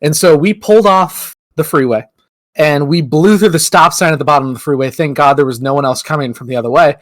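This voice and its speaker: A man's voice: fairly high pitch, fast talker, no echo. A young man, a podcast co-host, telling a long story in casual chat, rambling with lots of fillers and acting out what people said. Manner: rambling, lots of "like", acts out quotes.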